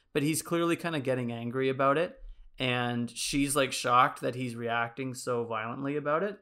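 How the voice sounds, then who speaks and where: A man co-hosting a podcast, casually pitching a movie sequel in a rambling way, full of likes and ums. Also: fairly quick, pushed and bright, clear, resonant tone. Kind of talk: casual chat.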